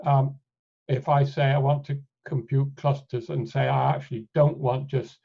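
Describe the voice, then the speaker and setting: A man presenting a live software demonstration in a webinar, thinking aloud as he clicks through steps and often restarting his sentences. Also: mid-range voice, flat delivery, moderate pace, creaky, husky. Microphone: computer mic on a video call. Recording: dull lo-fi webinar audio.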